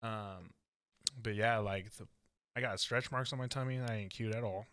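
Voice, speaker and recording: A man's voice: fairly low pitch, steady tone, moderate pace, a bit bright. A man hosting a casual podcast, easygoing and joking, swearing casually as he talks. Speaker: podcast host.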